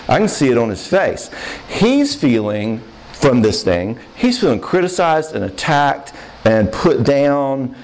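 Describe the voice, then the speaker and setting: An older man giving a lively sermon on marriage to a live crowd, conversational and playful, often checking in with the listeners. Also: medium pitch, poor audio. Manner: acts out quoted voices and jokes. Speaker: pastor teaching on marriage.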